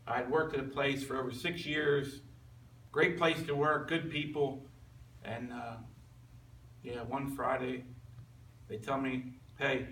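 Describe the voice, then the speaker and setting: Recorded off-mic in a roomy meeting space with faint ambience and slight background noise, a fifties-aged man speaks to a group of men. His mid-range voice comes across pushed and bright as he gives an earnest, conversational personal testimony full of restarts.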